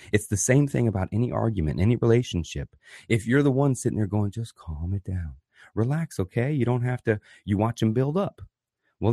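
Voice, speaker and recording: A man hosting his own podcast, talking in an animated, profane way and acting out the voices he quotes. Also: lowish voice, slightly rough, dry recording, studio quality. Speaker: podcast host. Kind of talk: casual solo podcast monologue.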